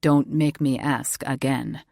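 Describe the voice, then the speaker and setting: A commanding male alpha wolf shifter, as a woman narrator puts him on, speaking in a very deep, slow murmur. His lines come out unhurried and possessive, like an audiobook lover giving orders. The sound is close and dry, with no room around it. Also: steady tone, creaky, darkish tone, dry recording, heavily acted.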